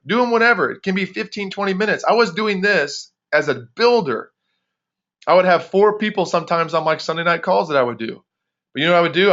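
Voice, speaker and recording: A man leading a motivational conference call for his sales team, energetic and preachy, repeating phrases for emphasis. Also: on the high side. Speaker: network marketing team leader. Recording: dull lo-fi phone call audio.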